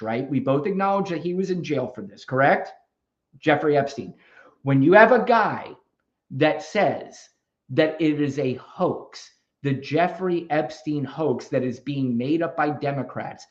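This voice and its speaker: A man hosting a live stream, arguing with callers in a combative, profane, lecturing way. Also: on the high side. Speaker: livestream host. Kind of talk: heated live debate stream. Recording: dull lo-fi stream audio.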